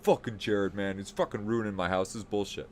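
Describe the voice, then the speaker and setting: A man's voice: on the low side, fairly even intonation, fairly quick, voice pushed down, natural voice. Man doing a grumbling, annoyed teenage boy. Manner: grumbling, sighing, cursing. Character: irritated fourteen-year-old boy host of a party.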